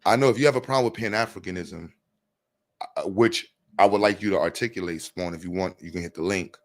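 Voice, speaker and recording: A man's voice: low voice, a little fast. A man hosting a casual live stream, talking in slang and reading chat messages aloud to answer them.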